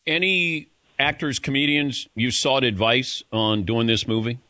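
A man hosting a radio interview in casual chat, quick to laugh and asking short questions. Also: medium pitch, steady tone, bright, forceful tone, no echo.

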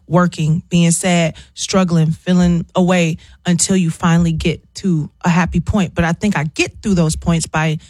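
A woman's voice: fairly low pitch, normal speed, hardly any pauses, no room sound, studio quality. A woman in her thirties, a guest in a casual interview, telling stories and acting out other people's voices. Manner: animated storyteller, acts out voices.

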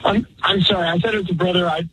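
Male caller, slightly high voice, thoughtful and hesitant. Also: fairly even intonation, racing, pushed and bright, slightly rough, poor audio. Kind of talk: call-in radio talk.

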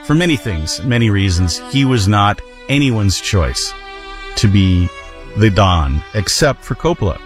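Deep-voiced man explaining film history. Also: expressive, a little slow, soft background music. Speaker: author interviewed about a film. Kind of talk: documentary commentary.

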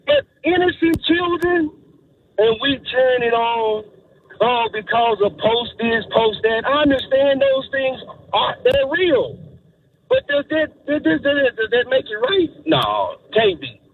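A man's voice: very high-pitched, measured pace. A man calling into a radio show, making an impassioned, preachy rant and repeating himself as he addresses listeners. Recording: tinny phone line with faint hiss.

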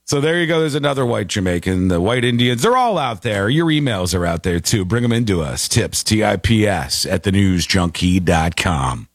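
A male radio host reading out listener emails in a wry, animated voice. His pitch moves around a lot as he reads. The studio sound is close and dry. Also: moderate pace, hardly any pauses, no room sound. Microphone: studio mic.

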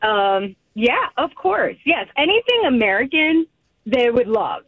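A woman's voice: on the high side, sing-song, a little slow, slightly rough, dry recording. A woman from Egypt joins the show by phone, her voice thin and tinny. She talks in a hesitant, filler-heavy way and giggles often. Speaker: guest. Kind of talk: casual radio chat.

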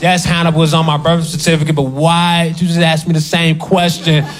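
A man's voice: fairly high pitch, little pitch movement, fairly quick. A man performing a stand-up set on stage with wry, mock-serious storytelling. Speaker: stand-up comedian. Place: comedy stage before a live audience. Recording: live audience and room noise.

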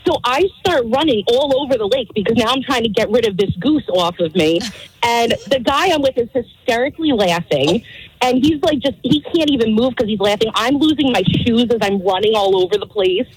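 A woman calling a radio show and telling a story in a giggly, animated way. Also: a little high, brisk, a little hiss or hum, rough recording. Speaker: caller. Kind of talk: phone-in storytelling.

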